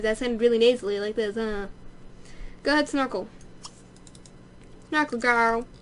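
High, bubbly young woman gamer. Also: a little hiss or hum. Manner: bubbly, easily excited, gushing. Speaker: let's play host. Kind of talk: casual gameplay commentary.

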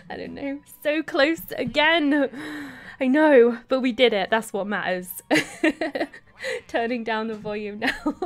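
A young woman chatting casually while playing a game live with others, giggling often and explaining the rules to her teammates. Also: on the high side. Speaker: game streamer. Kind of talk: casual live gameplay chat with co-players.

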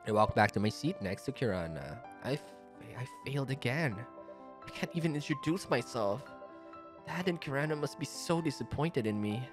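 A shy, anxious teenage schoolgirl, read aloud by a man, tells her story in a soft, hesitant way, full of self-doubt. The voice sits at a middle pitch but moves around a lot, and a little music plays faintly behind. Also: expressive, normal speed, lightly acted. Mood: dejected. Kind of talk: reading a visual novel aloud.

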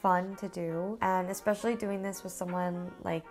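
A young woman vlogger giving a loose outro at three in the morning, her voice tired and raspy, stumbling over her words. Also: lowish voice, fairly even intonation, moderate pace, a little mellow, faint music behind. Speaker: vlogger and channel host. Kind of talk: late-night outro to camera.

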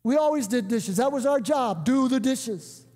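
An older man preaching a sermon, emphatic, breaking into shouts and calling on the congregation to answer. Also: extremely high pitch, animated, moderate pace. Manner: emphatic, bursts into shouts and calls for response. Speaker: guest preacher. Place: church sanctuary. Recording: echoey church hall.

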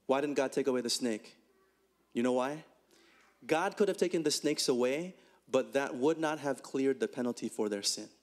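A man preaching a conversational sermon, asking rhetorical questions and swinging his pitch up and down as he talks. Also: normal speed. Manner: animated, rhetorical questions, swings between high and low pitch. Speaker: pastor.

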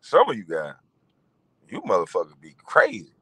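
Animated middle-aged man ranting, bright voice. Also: lowish voice, moderate pace, breathy edge, no room sound, poor audio. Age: 40s. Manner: animated, laughing, mocking. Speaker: vlogger. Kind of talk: profane ranting monologue.

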